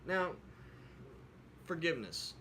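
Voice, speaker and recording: Slightly high-voiced man, folksy rambling devotional storyteller. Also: big pitch swings, slow, sharp tone, a little hiss or hum. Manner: folksy, rambling, with many fillers and restarts; earnest preaching in closing. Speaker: video host telling a devotional story. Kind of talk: casual storytelling with a sermon close.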